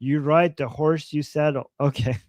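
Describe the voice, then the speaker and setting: A man's voice: a little high, steady tone, moderate pace, darkish tone, dry recording, studio quality. A man co-hosting a live political stream, giving sarcastic commentary with theatrical mockery and frequent laughter. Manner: mocking, theatrical, laughs often.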